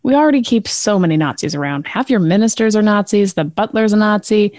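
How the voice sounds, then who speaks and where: A woman's voice: medium pitch, a little fast, a little mellow, natural voice. A woman playing a pampered, bored first lady of the 1950s, dry and unimpressed. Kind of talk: comedy sketch acting.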